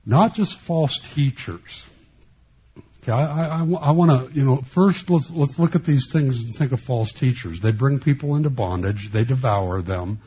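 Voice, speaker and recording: A man preaching a sermon as a pastor, speaking in a halting way with many restarts and flashes of sarcasm. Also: medium pitch, mellow, husky, dull audio.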